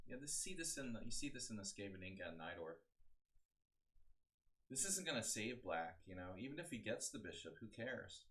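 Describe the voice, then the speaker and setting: A man with a fairly low voice analyzes chess games on a live stream. He talks in a loose, chatty way, joking and thinking aloud as he works through the moves. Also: very animated, moderate pace, pushed and bright, poor audio. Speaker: chess coach.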